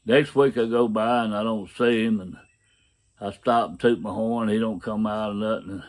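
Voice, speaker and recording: Man, lowish voice, folksy testimony storyteller who voices the people in his tale. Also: steady tone, normal speed. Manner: folksy, plain-spoken, acts out dialogue in his story. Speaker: person giving a testimony.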